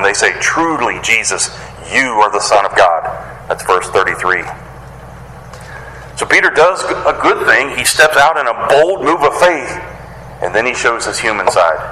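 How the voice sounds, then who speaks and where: A man preaching a sermon, animated and casual, who acts out the voices of the people he quotes in a higher pitch. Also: roomy sound, a little hiss or hum, rough recording. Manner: casual wording with playful slang. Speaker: pastor.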